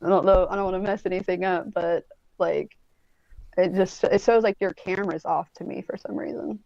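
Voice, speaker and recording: A woman's voice: fairly low pitch, steady tone, normal speed, gravelly, mellow, no echo, highs cut off. A woman in her forties from Indianapolis, a guest telling stories in a rambling, casual way with plenty of swearing. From Indianapolis, USA. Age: 40s. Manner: rambling storyteller, swears freely, many "like" and "um". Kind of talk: casual chat. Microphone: phone or tablet on a video call.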